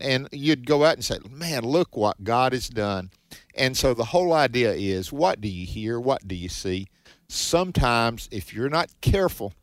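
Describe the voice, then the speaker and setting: A man's voice: mid-range voice, fairly bright tone, no echo. A man co-hosting a Bible teaching show, giving earnest, preacherly exhortations in a conversational way.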